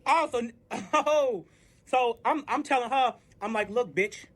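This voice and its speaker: A man's voice: very high-pitched, unhurried, a bit bright. A man animatedly retelling a cheating story, profane and dramatic, acting out quoted arguments. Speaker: storyteller guest. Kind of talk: casual storytime.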